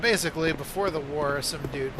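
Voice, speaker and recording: A man's voice: fairly high pitch, brisk, heavy background noise. A man streaming a game, chatting casually and rambling through crude jokes with lots of fillers. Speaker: gaming streamer. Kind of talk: casual gaming-stream chat.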